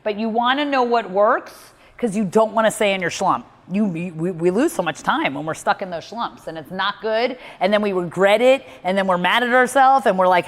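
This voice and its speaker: Woman, motivational talk, blunt, emphatic, mid pitch, long reverb tail. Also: normal speed, hardly any pauses. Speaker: mindset coach.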